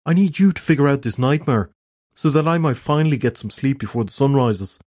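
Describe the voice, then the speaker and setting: A man's voice: mid-range voice, lively intonation, a little fast, darkish tone, voice pushed up, lightly acted. A man voicing an exhausted, exasperated man who pleads and complains in a raised, strained voice. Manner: pleading and whiny, rising to annoyed outbursts. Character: weary, exasperated mortal man desperate for sleep.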